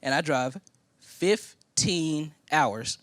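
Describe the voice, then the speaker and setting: Guy preacher telling his story, swings his pitch all over, kinda high voice, dry close mic. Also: very slow, dry recording. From Indiana. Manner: animated storytelling, acting out quoted voices. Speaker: pastor. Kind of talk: sermon storytelling.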